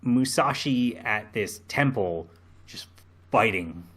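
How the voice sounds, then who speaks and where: A man co-hosting a casual podcast, talking slowly and hesitantly with many ums and restarts. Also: fairly low pitch, animated, a bit bright, husky. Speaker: podcast co-host.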